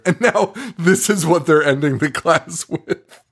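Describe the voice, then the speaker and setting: Male podcast co-host, lively swooping delivery, frequent laughter, profane casual chat. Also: on the high side, brisk.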